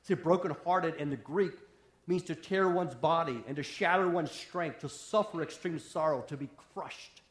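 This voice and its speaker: A man's voice: a little high, moderate pace. Impassioned male preacher in an echoey room. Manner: impassioned preaching with sudden drops to a hush. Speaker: pastor. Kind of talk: sermon. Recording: roomy echo.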